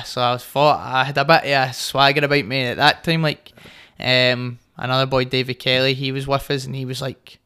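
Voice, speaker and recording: A man's voice: mid-range voice, flat delivery, a little fast, hardly any pauses, bright, forceful tone, clear, resonant tone. A young man with a Scottish accent, a guest boxer telling cocky stories with a laugh in casual podcast chat.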